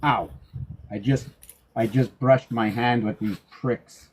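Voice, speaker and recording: A middle-aged man grooming a dog, talking to it in a soft, coaxing way and joking with himself as he works. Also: mid-range voice, steady tone, takes it slowly, a little hiss or hum, poor audio. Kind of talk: rambling talk to a dog while grooming.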